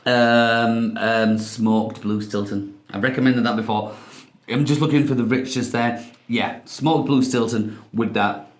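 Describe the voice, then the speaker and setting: A man's voice: medium pitch, fairly even intonation, measured pace. Hesitant man, echoey room. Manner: hesitant, restarts often, laughs easily. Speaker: wine review co-host. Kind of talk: casual wine-tasting chat.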